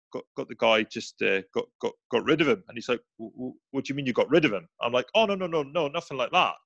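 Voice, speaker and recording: A man, a former soldier, telling animated anecdotes in a casual interview, slipping into quoted voices and restarting his sentences. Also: medium pitch, dry recording, lo-fi sound.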